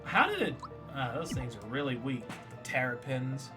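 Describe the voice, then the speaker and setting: A man's voice: medium pitch, sing-song, moderate pace, over music. Playful man streaming a game. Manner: playful, joking, teasing a chat viewer. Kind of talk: casual live gameplay commentary.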